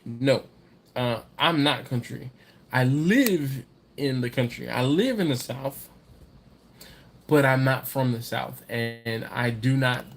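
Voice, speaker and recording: Reading viewer comments aloud on his casual live stream, a man chats in a rambling way, laughing often and repeating himself. His voice is mid-range, with slight background noise.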